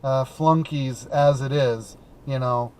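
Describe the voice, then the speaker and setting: Speaking slowly in a steady, clear, resonant mid-range voice that's a little mellow, this man hosts a call-in talk show from his car as he drives. The Midwesterner keeps the live-stream chat casual, rambling with many fillers and restarts.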